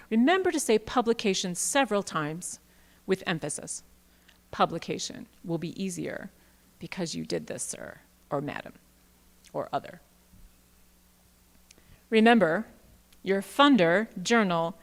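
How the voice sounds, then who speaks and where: A woman giving a playful, animated workshop talk with jokey asides to an audience. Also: lowish voice, normal speed. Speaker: workshop presenter. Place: large auditorium. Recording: long hall reverb.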